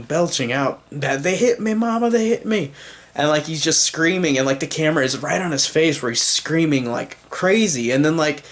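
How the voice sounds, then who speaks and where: A young man giving a casual, enthusiastic movie review, rambling with lots of fillers. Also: medium pitch.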